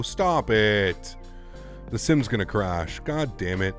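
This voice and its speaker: A man's voice: lowish voice, expressive, slow pace, faint music behind. A man chatting casually on his live stream, reacting with laughter and disbelief.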